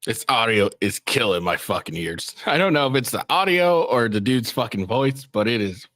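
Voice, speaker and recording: A man's voice: medium pitch, expressive, normal speed, fairly bright tone, no echo, studio quality. A man doing casual, profane commentary on news clips, rambling with many fillers and restarts. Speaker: commentary streamer reacting to clips.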